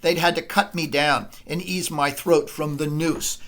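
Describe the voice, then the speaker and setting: A man reading the lines of a scheming queen who feigns grief, in a hurried, lowered dramatic reading. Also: steady tone, a bit bright. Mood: mournful.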